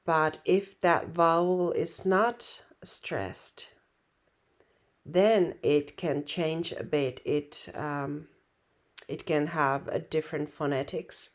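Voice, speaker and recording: A woman with Finnish as her first language, teaching a relaxed online language lesson in an unhurried, reassuring way. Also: sits low. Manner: unhurried, reassuring, many fillers and restarts.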